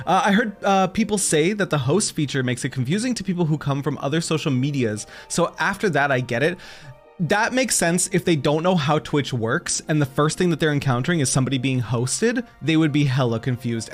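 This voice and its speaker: A man streaming a game, chatting casually with his viewers in an excitable, gushing way. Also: fairly high pitch, fairly quick, faint music behind. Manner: excitable, gushing, talks to chat.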